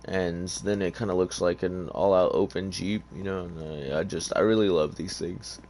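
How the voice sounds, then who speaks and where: A man's voice: sits low, steady tone, moderate pace, a little mellow, slight background noise. A tired man giving casual, rambling gameplay commentary in an offhand, hesitant way. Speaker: gamer.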